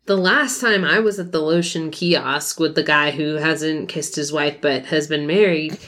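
A woman improv performer telling a scene story in a deadpan way. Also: sits low, a little slow. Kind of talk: comedic improv.

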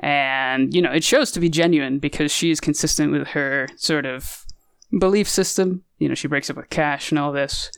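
A man's voice: on the high side, normal speed, vocal fry, few pauses, fairly bright tone, smooth, dry recording, clean studio sound. A man casually discussing a movie on a podcast, rambling and hesitant with many fillers. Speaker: podcast co-host.

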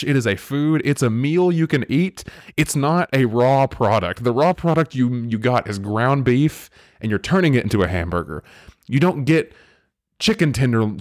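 A man from the American South hosting a podcast, talking in a rambling, animated way with lots of restarts. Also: medium pitch, no room sound, clean studio sound. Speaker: podcast host. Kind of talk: casual podcast chat.

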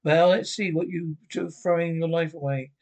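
A man's voice: on the high side, steady tone, normal speed, darkish tone, close to an everyday voice. A man voicing a taunting inner conscience. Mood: mocking. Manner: taunting and sardonic. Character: mocking male inner conscience voice.

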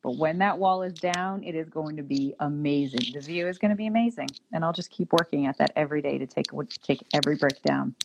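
A woman's voice: sits low, brisk, gravelly, few pauses, background noise. A woman co-hosting a podcast in casual chat, reflective and affirming. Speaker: podcast co-host.

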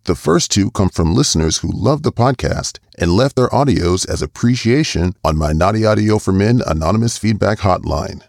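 A man hosting a podcast, reading a scripted introduction in a relaxed, matter-of-fact way. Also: on the low side, normal speed, creaky, hardly any pauses, dry recording, clean studio sound. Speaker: podcast host.

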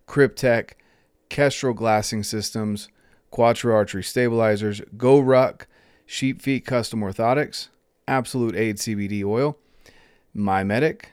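A man's voice: fairly low pitch, a little mellow, smooth, no room sound, clean studio sound. A man hosting a podcast, talking in an upbeat, rambling way as he introduces his guest and reads out his sponsors. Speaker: podcast host.

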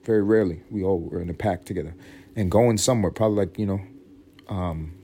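A young man carries his podcast alone in a loose, profane monologue. He wanders from thought to thought and sometimes breaks into a shrill mock voice for effect. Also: fast talker, warm tone, husky. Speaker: podcast host. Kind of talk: solo comedic podcast monologue.

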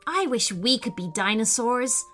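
A woman voicing Chase, an excitable young boy who loves dinosaurs. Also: measured pace, soft background music. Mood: excited. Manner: high, eager and excited.

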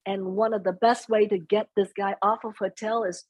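A soft-spoken woman being interviewed, chatting casually and mixing in Vietnamese phrases. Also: medium pitch, steady tone, moderate pace, husky, no room sound, rough recording. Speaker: interview guest. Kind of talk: casual conversation.

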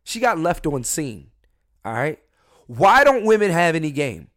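A young man hosting a solo podcast from his room at home, drunk and high, talking loosely and jokingly, with mumbled asides that break into loud emphatic bursts. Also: big pitch swings, a little slow. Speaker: podcast host. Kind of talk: casual solo podcast rant.

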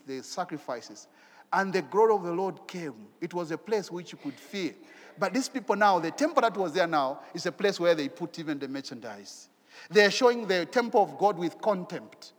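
A man preaching a sermon in an animated way, asking rhetorical questions and repeating his phrases. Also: high voice, big-room sound.

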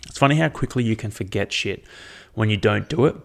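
A man's voice: fairly low pitch, a little fast, creaky. A young Australian man hosting a solo podcast, telling rambling stories and swearing constantly. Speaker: podcast host. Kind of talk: casual solo podcast monologue.

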